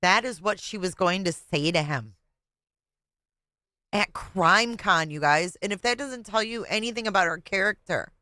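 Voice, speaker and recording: A woman's voice: mid-range voice, animated, normal speed, sharp tone, dry recording, clean studio sound. A woman hosting a livestream who reacts with short, sarcastic comments. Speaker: channel host.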